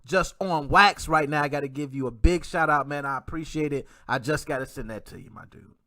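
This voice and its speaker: A man hosting his own livestream podcast, chatting in slang, giving shout-outs and reading out viewer comments. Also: fairly high pitch, fairly quick. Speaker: podcast host. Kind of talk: casual livestream podcast chat.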